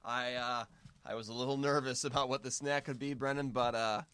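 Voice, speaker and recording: A man's voice: mid-range voice, fairly even intonation, brisk, a bit bright, clear, resonant tone, dry recording. A man guest in a casual snack-tasting chat, rambling in a mock-serious way with hesitant restarts, talking with his mouth full while eating.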